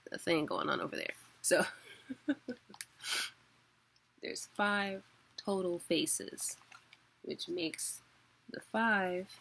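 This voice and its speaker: A young woman teaching a weekly online class in a relaxed, chatty way, laughing often. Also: lowish voice, vocal fry. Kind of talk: casual spoken lesson.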